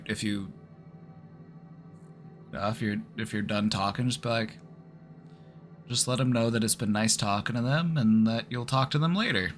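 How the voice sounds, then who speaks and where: A man giving calm, reassuring, casual advice as the host of a live online therapy stream. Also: fairly low pitch.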